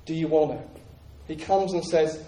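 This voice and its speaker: Male preacher, earnest sermon, mellow slightly high voice, echoey room, mic at a distance. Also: normal speed. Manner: earnest, repetitive, with many restarts.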